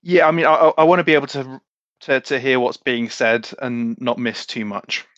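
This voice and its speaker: A man playing a tabletop role-playing game who talks in a hesitant, halting way. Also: mid-range voice, fairly even intonation, fairly bright tone, no room sound. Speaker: player. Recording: dull, dry, lo-fi mic.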